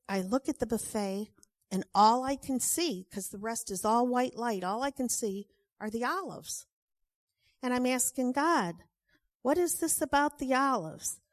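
A woman's voice: on the high side, dry recording, clean studio sound. Chatty woman telling a personal story. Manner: chatty, animated, acts out quotes.

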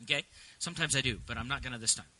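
A man's voice: medium pitch, very fast, pushed and bright, rough recording. A middle-aged male pastor preaching a sermon, mixing chatty asides with emphatic preaching. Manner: conversational, rising to emphatic preaching.

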